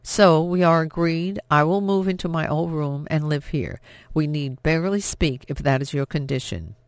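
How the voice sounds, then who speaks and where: A man voicing a headstrong young woman of nineteen, impassioned and sharp as she stands up to her father. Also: fairly high pitch, moderate pace, dry recording, natural voice. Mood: defiant.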